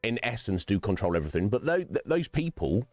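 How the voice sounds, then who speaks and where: Speaking fairly quickly in a fairly low, sing-song voice with a darkish tone, a streamer hosts his own channel against faint music and no echo. He rambles philosophically, swears freely, and talks directly to viewers by name during casual chat while gaming.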